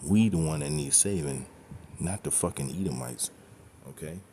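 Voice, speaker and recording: A man's voice: a bass voice, moderate pace, dark tone, a little hiss or hum. A man teaching scripture in a blunt, profane, emphatic way, often checking in with "okay?" and "right?". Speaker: religious teacher.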